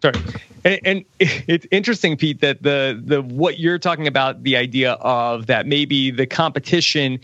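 A man guesting on a podcast, friendly and chatty. His voice is bright and crisp, recorded close and dry. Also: medium pitch, normal speed, no echo, lo-fi sound. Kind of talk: casual podcast conversation.

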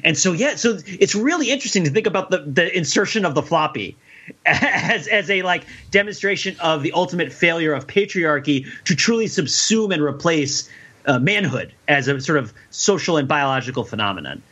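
Bright-voiced man riffing wryly. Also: fairly high pitch, animated, moderate pace, slightly rough, dull audio. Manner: wry, rambling, laughs at his own jokes. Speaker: podcast co-host discussing a film. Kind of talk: casual chat.

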